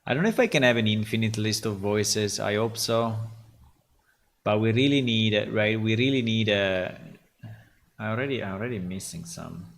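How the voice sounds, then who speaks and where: A man's voice: on the low side, normal speed, gravelly, a bit bright. A man, a game developer on a casual livestream, thinking aloud hesitantly with many fillers and tag questions. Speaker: game developer streaming his work.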